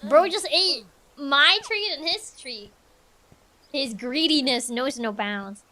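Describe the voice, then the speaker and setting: A woman's voice: high voice, expressive, slow, sharp tone. A woman streamer giving casual let's-play commentary, chatty and thinking aloud.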